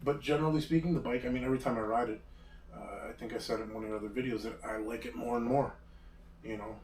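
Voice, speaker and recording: A man's voice: mid-range voice, steady tone, quick pace, a little mellow. Male host, rambling casual talker, sits back from the mic in a roomy space. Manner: rambling, hesitant, restarts often. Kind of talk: casual chat. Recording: roomy echo, distant mic, faint background hum.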